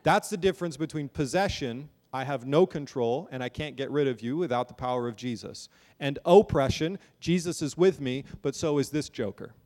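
In a church sanctuary, a pastor preaches from the pulpit with earnest, building emphasis, often repeating words as he goes. His mid-range voice has a darkish tone and a moderate pace, and the sound trails off with a long reverb tail.

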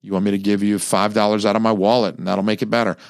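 A man's voice: lowish voice, flat delivery, quick pace, gravelly, dry recording, clean studio sound. A male podcast host giving a casual solo movie review, rambling with plenty of fillers, restarts and swearing.

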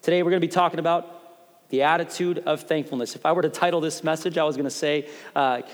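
Male pastor, thirties, bright-pitched, animated storytelling sermon, echoing church hall. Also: quick pace. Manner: animated, playful storytelling with mock quotes. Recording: long hall reverb.

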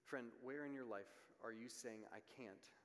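A man preaching a sermon in an earnest way. He grows more intense on key points and drops to quiet asides. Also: medium pitch, steady tone, normal speed, big-room sound.

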